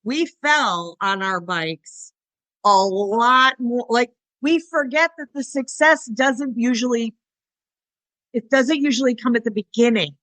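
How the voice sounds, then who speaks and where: Bright-voiced woman in casual podcast chat. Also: on the high side, no room sound. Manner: chatty, acts out dogs and owners in quick asides. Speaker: podcast co-host and dog trainer.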